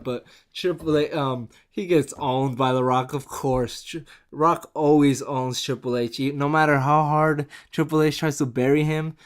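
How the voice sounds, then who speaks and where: A man giving a casual spoken review, excitable and chatty and quick to laugh. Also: medium pitch, smooth. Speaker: show reviewer.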